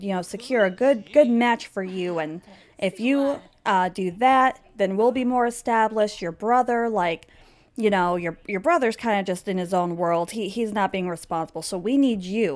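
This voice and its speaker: A woman's voice: mid-range voice, natural voice. A woman voicing an ambitious queen lecturing her daughter on marriage. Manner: earnest, lecturing. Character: stern ambitious queen mother.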